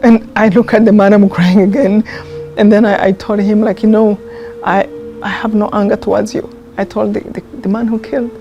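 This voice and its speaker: A woman's voice: mid-range voice, level tone, moderate pace, warm tone, highs cut off, soft background music. Earnest woman. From Rwanda. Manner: earnest, heartfelt storytelling with hesitant restarts. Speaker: interviewee, genocide survivor. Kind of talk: personal testimony in a documentary interview.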